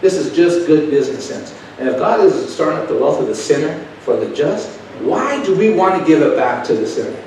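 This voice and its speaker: A man's voice: on the high side, big pitch swings, fairly quick, few pauses, darkish tone. A middle-aged man preaches in a loose, folksy way and keeps checking in with the people listening. His voice rings through a very echoey hall, picked up from well back from the mic, with a faint hiss underneath. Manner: folksy, conversational, asks the crowd questions. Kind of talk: sermon with personal stories. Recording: echoey hall, taken from far off.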